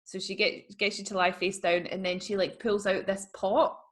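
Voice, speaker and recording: A young woman chatting on a podcast, her voice sitting at a middling pitch. She rambles through anecdotes in a relaxed, filler-heavy way, as if talking with a friend. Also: normal speed. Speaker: podcast co-host. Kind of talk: casual chat.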